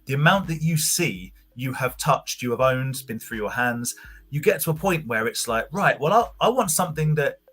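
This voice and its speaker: A man's voice: medium pitch, breathy edge, soft background music. A man co-hosting a podcast, talking in a casual chat and often repeating words as he goes. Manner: relaxed, halting, repeats words.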